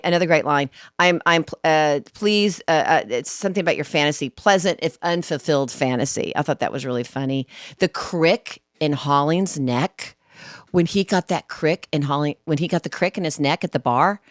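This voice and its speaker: A woman co-host chats eagerly about her notes, breaking into laughter now and then. Her voice sits on the low side for a woman. The sound is dry and close, with no room around it. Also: no room sound. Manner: enthusiastic, laughs often, rewatch notes. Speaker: podcast co-host. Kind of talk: casual chat.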